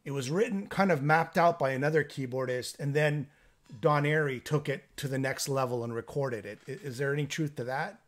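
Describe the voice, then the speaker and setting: A man's voice: mid-range voice, fairly quick. A man interviewing a guest, chatting casually and asking questions. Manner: brief affirmations, conversational questions.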